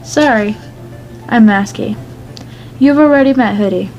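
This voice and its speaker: A cocky young man in a mask, read by a woman, teasing and casual even when he threatens. His voice sits at an everyday pitch, with soft music behind it. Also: a little slow, close to an everyday voice, low-quality recording. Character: cocky, playful masked young man with a knife.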